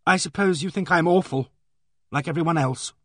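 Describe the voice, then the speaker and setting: Sullen teenage girl, blunt, gloomy, voice rising higher, done by a man reading, dry sound. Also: sing-song, normal speed, no echo. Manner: blunt, gloomy, bursts into bitter outbursts.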